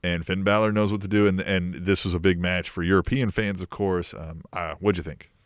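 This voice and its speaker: Podcast co-host, man, lowish voice, easygoing, lots of ums, dry mic. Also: fairly quick, clean tone, no echo. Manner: relaxed, hesitant with ums, bursts into excited quotes. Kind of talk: casual wrestling review chat.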